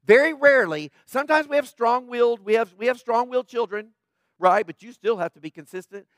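Guy preaching, high voice, dry close sound, emphatic, keeps asking right?. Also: lively intonation, brisk, no echo. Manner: emphatic, tags points with "right?"; plainspoken, preachy asides. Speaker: pastor. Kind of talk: conversational sermon.

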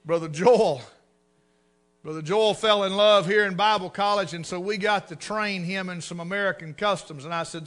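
A middle-aged man, preaching a humorous sermon in a folksy storytelling way, swinging between loud and hushed. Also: high voice, moderate pace.

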